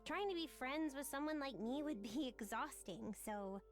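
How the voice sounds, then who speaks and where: A woman voicing a sick, self-loathing teenage girl from a visual novel, speaking quietly and apologetically. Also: high-pitched, animated, normal speed, faint music behind, voice pushed up.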